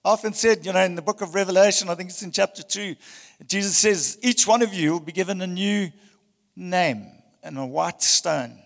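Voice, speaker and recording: A male pastor preaching a passionate sermon, swinging between loud emphasis and hushed tones. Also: sits high, moderate pace, vocal fry, big-room sound. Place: church hall.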